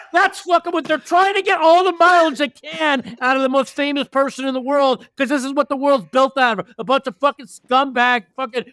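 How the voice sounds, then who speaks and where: A man's voice: very high-pitched, fairly even intonation, moderate pace, a bit bright, no room sound, clean studio sound. A man talking as a podcast guest in casual banter, with brash, profane ranting.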